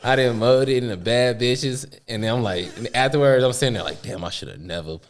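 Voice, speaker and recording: A man's voice: mid-range voice, fairly quick. A man co-hosting a podcast in casual chat, slangy and repeating "for real" and "bro", breaking into hard laughs. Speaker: podcast co-host.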